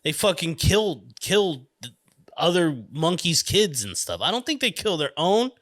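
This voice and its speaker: A man with a fairly high voice and a hint of a US East Coast accent hosts his podcast solo. He rambles loosely, swears freely and laughs between thoughts. The sound is dry and close. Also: very animated, measured pace, fairly bright tone, no echo. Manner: loose, profane, laughs often. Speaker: podcast host. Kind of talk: rambling casual monologue.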